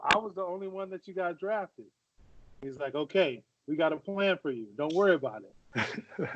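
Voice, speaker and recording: A man in his forties, a podcast co-host and former football player, tells stories in casual chat with a voice on the high side, often repeating and restarting phrases. The audio is dull, dry, and lo-fi, with no room sound.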